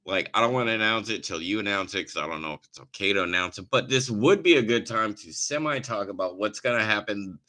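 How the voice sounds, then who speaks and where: Tipsy, rambling podcast host. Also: male voice, on the low side, fast, hardly any pauses, bright, forceful tone, low-quality recording. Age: 40s. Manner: rambling and profane, jokey. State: tipsy from drinking wine. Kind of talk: casual chat.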